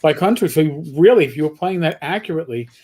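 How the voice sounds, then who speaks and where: Wry, halting host on a slightly noisy line. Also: mid-range voice, lively intonation, a little mellow. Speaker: show host. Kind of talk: casual livestream chat.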